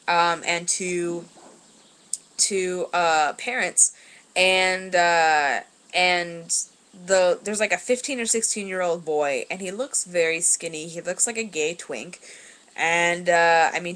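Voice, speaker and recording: Young woman vlogger, slightly low voice, loose filler-heavy storytelling, webcam at home. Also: bright, forceful tone. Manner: rambling, filler-heavy, laughs while telling. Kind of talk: casual storytelling vlog.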